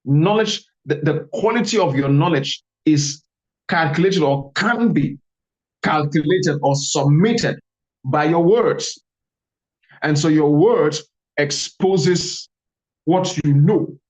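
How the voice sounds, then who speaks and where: A man's voice: a little high, takes it slowly. Emphatic man teaching a class. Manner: emphatic, repeats key phrases, varies pace a lot. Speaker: communication instructor. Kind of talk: online class lecture. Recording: dull lo-fi audio.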